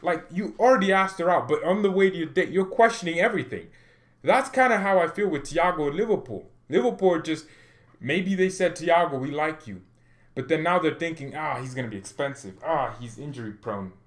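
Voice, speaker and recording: A man hosting a fan channel, talking casually and jokingly in rambling commentary with animated bursts. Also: on the high side, a little fast.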